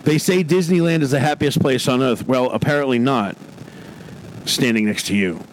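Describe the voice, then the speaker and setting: A man's voice: mid-range voice, normal speed, slight background noise, poor audio. A man co-hosting a radio show, reading cheesy pickup lines in jokey studio banter and cracking up at them. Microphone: studio microphone.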